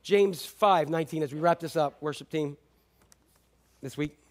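A man preaching a sermon as a pastor, animated, swinging between loud and hushed delivery. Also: a little high, moderate pace.

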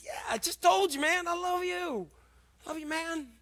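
A man's voice: very high-pitched, steady tone, moderate pace, bright, forceful tone, voice pushed up, exaggerated voice. A man voicing a cocky, brash young disciple who talks with street swagger. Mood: exasperated.

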